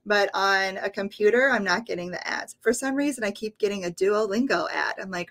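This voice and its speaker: A woman's voice: mid-range voice, moderate pace, few pauses, fairly bright tone. A woman teaching English on a livestream, repeating words patiently for learners. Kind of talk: livestream lesson.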